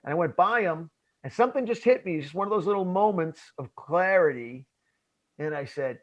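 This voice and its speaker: A man's voice: high-pitched, animated, a little fast, fairly bright tone, muffled recording. A man telling a story in casual conversation, acting out his own past lines and calling his listener bro. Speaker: podcast host.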